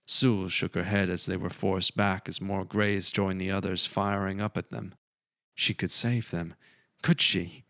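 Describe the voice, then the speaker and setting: A man narrating a science fiction audiobook in a steady, measured way. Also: low voice, dry recording, studio quality. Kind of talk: scripted narration.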